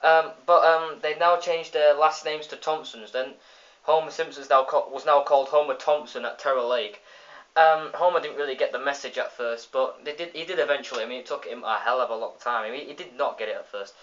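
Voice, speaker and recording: A man's voice: mid-range voice, steady tone, fairly quick, a bit bright. Man rambling through a dull phone recording. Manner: rambling retelling with many restarts and fillers. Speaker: episode reviewer. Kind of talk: casual spoken episode review.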